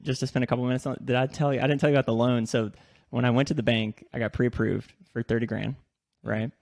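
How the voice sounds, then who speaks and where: Gravelly casual podcast host. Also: male voice, mid-range voice, steady tone, fast talker, a little mellow, no room sound, clean studio sound. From lives in Texas. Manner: swears freely and laughs through anecdotes. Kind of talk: casual storytelling chat.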